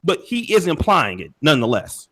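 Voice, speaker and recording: A man's voice: a little high, wildly swooping pitch, brisk, a bit bright, slightly rough. A man co-hosting a casual debate show, often stumbling and repeating words while he builds his point. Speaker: podcast co-host.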